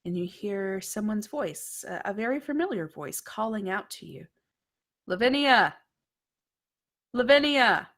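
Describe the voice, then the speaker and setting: A woman narrating a tabletop horror game as game master, often dropping to a hushed whisper. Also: mid-range voice, animated, moderate pace, few pauses. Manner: hushed, dreamy storytelling that drops to whispers.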